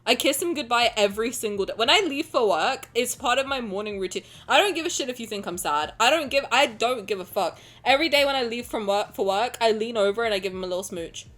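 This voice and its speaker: A woman streamer chatting casually with her viewers, excitable and gushing, swearing freely. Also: on the high side, quick pace, hardly any pauses. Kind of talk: casual livestream chat.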